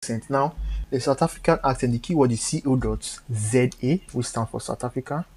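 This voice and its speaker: A man hosting a live stream and walking through code step by step. He talks haltingly, with frequent fillers and self-corrections. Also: mid-range voice, darkish tone, slightly rough. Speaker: coding tutor on a live stream. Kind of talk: step-by-step coding walkthrough.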